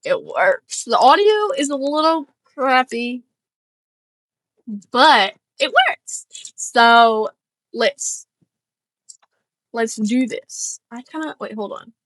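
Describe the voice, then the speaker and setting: A woman streamer with a high voice talks at a slow, unhurried pace, rambling through self-deprecating asides and fillers. She is from the northern United States. Her voice sits close and dry on a desk mic. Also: expressive, a bit bright, no echo, poor audio. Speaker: streamer reacting to videos. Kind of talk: casual reaction commentary.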